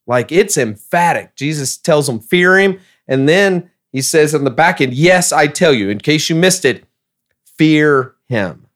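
A man's voice: fairly high pitch, lively intonation, a little slow. A man who is a pastor, talking emphatically in a casual podcast discussion and reading scripture passages aloud.

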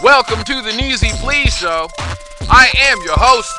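A man's voice: very high-pitched, lively intonation, measured pace, over music, pitched above the performer's own voice. A man putting on an obnoxious news-anchor persona with exaggerated, overblown inflections, as a podcast host. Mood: grandiose.

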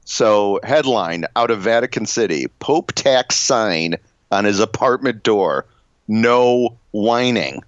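A man's voice: on the low side, lively intonation, measured pace, no echo. A man co-hosting a podcast, casual comedic banter, rambling and self-interrupting with frequent laughs. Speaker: podcast co-host. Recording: dull lo-fi dry recording.

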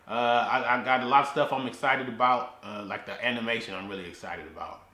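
A man hosts his own podcast in a loose, rambling way, stumbling over and repeating words as he goes. His voice has a bright edge. He is recorded in a garage that leaves a clear echo on everything he says. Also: mid-range voice, fairly even intonation, fairly quick. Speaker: podcast host. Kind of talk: casual solo podcast talk. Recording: echoey garage.

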